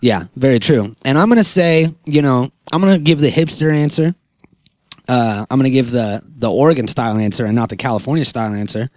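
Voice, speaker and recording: A man's voice: medium pitch, brisk, darkish tone, no echo. Joking male podcast host, dry sound. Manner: joking, laughs often. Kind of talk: casual podcast chat.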